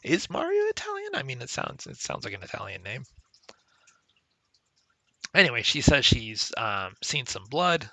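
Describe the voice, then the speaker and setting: A man talks through an old adventure game in a relaxed, chatty way, stopping to explain how things work. His voice is very bright and forward. The recording is dry and close, with almost no room sound. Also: medium pitch, a little slow, gravelly, long pauses, no echo. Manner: conversational, explains game mechanics with occasional laughs. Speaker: let's play commentator. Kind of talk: casual gameplay commentary.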